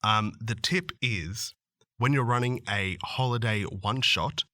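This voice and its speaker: Male podcast co-host, lowish and punchy, dry close sound, playful rambling pitches. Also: unhurried, pushed and bright, no echo. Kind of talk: casual chat about tabletop games.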